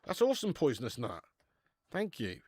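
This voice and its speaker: Brief: bloke, mid-pitched, laid-back watch-along host, swears freely, dry close sound. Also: male voice, wildly swooping pitch, moderate pace, a little mellow, breathy edge, no echo. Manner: casual, chatty, swears, reads out viewer messages. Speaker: football watch-along streamer. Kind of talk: live watch-along chat.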